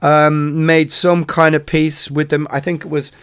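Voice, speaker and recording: A man's voice: fairly high pitch, level tone, a little slow, a bit bright, clear, resonant tone, no echo. An Irish man in his forties hosting a podcast, telling stories in a rambling way with many fillers and self-corrections. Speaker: podcast host. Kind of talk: casual anecdotal storytelling.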